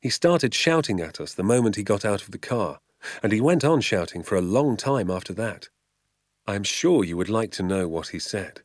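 A man narrating an audiobook in a low, grounded voice. He reads in a measured, vivid storytelling manner, and the recording is dry and close, with no room sound. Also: no room sound. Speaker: audiobook reader.

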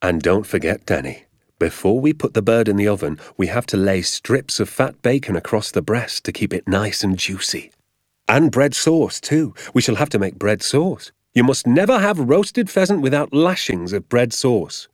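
A man voicing an excitable, boastful middle-aged father in an audiobook, exclaiming in a grand, theatrical way. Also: lowish voice, normal speed, dry recording, studio quality. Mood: grandly planning. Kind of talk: audiobook character voice.

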